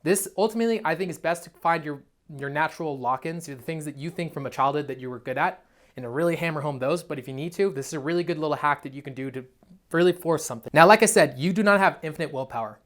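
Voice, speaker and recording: A man's voice: on the high side, fast, fairly bright tone. A young man, a dating coach, giving a blunt, profane, emphatic motivational monologue. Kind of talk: motivational self-help monologue.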